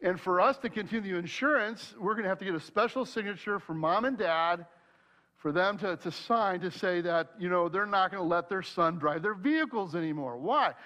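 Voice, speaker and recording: A man preaching a sermon, telling a personal story in an animated way and acting out his own worried thoughts aloud. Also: high-pitched, moderate pace. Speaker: pastor.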